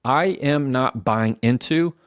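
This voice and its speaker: A man's voice: medium pitch, slow, no echo, clean studio sound. A man giving earnest communication advice, coaching the listener and acting out example phrases. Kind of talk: advice talk to camera.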